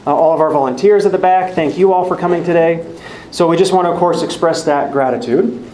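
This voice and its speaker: A brisk man with a warm voice on the high side makes friendly, organized announcements as the teacher of a Bible study, speaking to a live group. The echoey church hall has faint ambience and slight background noise.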